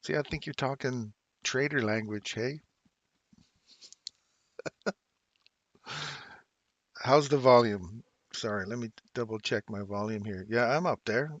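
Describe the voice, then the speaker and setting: A man's voice: on the low side, a little slow, pauses often, fairly bright tone, no echo, dull audio. A man in his fifties, originally from England, hosting a casual trading livestream, chatting with viewers by name and laughing often while reading charts. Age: 50s. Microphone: desk mic, moved close.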